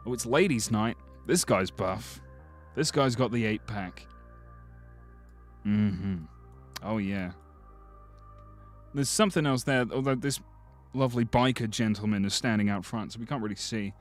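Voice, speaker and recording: A man's voice: on the low side, unhurried, long pauses, faint music behind. A man chatting casually on a live stream, joking with his chat as he looks through game screenshots. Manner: chatty, jokey, lively.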